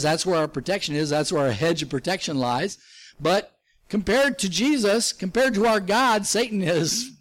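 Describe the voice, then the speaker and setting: A man with a notably high-pitched voice preaching a sermon. He teaches emphatically from slides and scripture, his voice leaping up for emphasis, with small chuckles along the way. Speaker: pastor.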